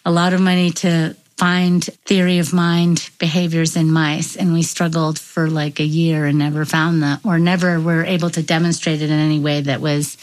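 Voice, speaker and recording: A woman scientist in an interview, explaining her research in an animated, storytelling way. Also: low-pitched, normal speed, few pauses, poor audio. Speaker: neuroscientist guest. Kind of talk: interview conversation.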